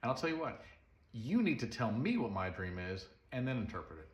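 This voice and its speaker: A man's voice: mid-range voice, big pitch swings, brisk, close to an everyday voice. A preacher acting out an imperious, impatient ancient king who makes blunt demands and threats. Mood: demanding. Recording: roomy echo.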